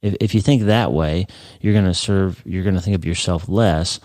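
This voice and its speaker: A middle-aged man hosting a podcast, talking earnestly about happiness and acting out people's inner thoughts with rising excitement. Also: sits low, normal speed, no echo, clean studio sound. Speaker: podcast host. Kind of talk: motivational podcast talk.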